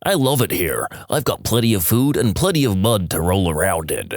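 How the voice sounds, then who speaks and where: A man's voice: fairly low pitch, sing-song, normal speed, no echo, studio quality. A lazy contented farm pig, voiced by a man.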